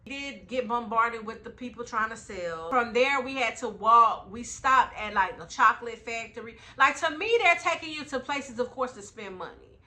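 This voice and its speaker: Young woman travel vlogger, bright sharp voice, a bit high, lively slangy storytelling. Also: normal speed, few pauses. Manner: slangy, animated, talks straight to viewers. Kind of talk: casual travel vlog storytelling.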